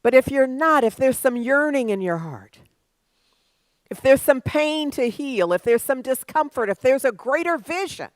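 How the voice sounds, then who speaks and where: A woman's voice: sits high, animated, normal speed, no room sound. A woman minister giving a sermon, conversational at first and building to emphatic preaching.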